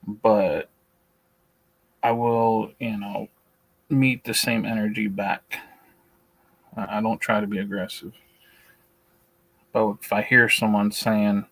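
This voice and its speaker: A man's voice: fairly low pitch, steady tone, a little slow, pauses often, poor audio. A man hosting a beekeeping talk stream, blunt and opinionated, speaking with a shaky voice and often restarting his sentences. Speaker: beekeeping channel host. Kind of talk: casual livestream talk, reading and answering a list.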